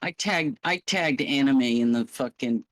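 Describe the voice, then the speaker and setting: Guy playing a tabletop game, halting and stammery, dead dry sound. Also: mid-range voice, dry recording, low-quality recording. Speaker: player. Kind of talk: casual in-character chat.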